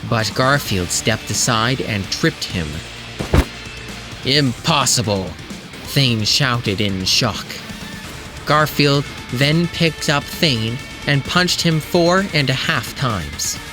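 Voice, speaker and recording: A man's voice: medium pitch, lively intonation, slow pace, music in the background. A man narrating a comedic fanfiction audiobook, reading absurd prose in an earnest, straight tone. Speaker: audiobook reader.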